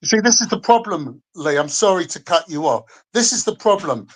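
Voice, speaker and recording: A man's voice: sits high, expressive, fairly quick, background noise. A man calling in to a fan stream, ranting angrily and swearing at another fan. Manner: angry, swearing, combative. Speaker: guest caller. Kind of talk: heated fan rant.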